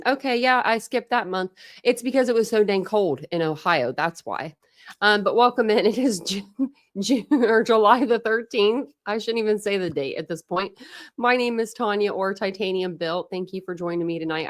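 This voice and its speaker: A woman's voice: mid-range voice, normal speed, no room sound, studio quality. A woman hosting a casual livestream from home, chatty and breathless, greeting viewers by name with frequent laughs. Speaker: livestream host. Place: home room with dogs.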